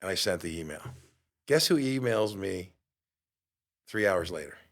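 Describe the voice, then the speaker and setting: Animated New man telling a story. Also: low voice, a little slow. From New York. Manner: animated, acts out quoted dialogue. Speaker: podcast host. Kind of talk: storytelling monologue.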